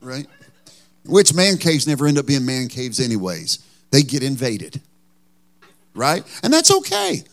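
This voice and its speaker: A man's voice: medium pitch, animated, measured pace, pauses often. A man preaching a sermon as pastor, telling a folksy, joking story.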